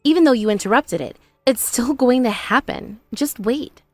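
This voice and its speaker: A woman voicing a patient young bride in an animated story, calm, earnest and reasoning. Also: fairly high pitch, moderate pace, no echo, soft background music, close to an everyday voice.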